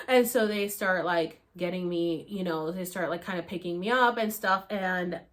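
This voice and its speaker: A woman vlogger telling a story to camera in a casual, animated way, swearing freely and acting out her own cries and gasps. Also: lowish voice, normal speed.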